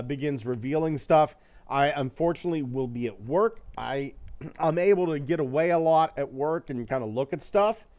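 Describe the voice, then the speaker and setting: A man's voice: fairly high pitch, a little mellow. Rambling, swearing young man hosting a podcast. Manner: rambling, swears freely, quick to laugh at himself. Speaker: podcast host reading viewer comments. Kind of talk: casual podcast chat.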